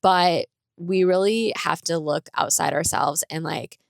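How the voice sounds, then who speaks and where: Chatty low-voiced woman with a gravelly edge. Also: unhurried, no room sound, clean studio sound. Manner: chatty, rambling, fills speech with "like". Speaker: podcast host. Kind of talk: casual personal storytelling.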